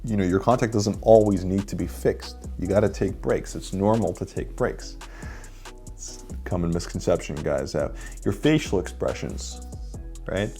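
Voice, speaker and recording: A man with a low, mellow voice leads a dating workshop as the coach. He talks through his points in a lecturing style and keeps checking in with "okay?" and "right?". Faint music plays underneath.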